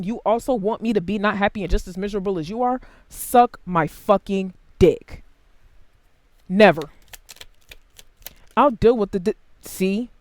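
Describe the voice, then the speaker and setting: A tarot reader giving a casual, blunt and heavily profane reading to camera, swinging between quiet asides and loud outbursts. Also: no echo. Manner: big jumps in pitch and loudness.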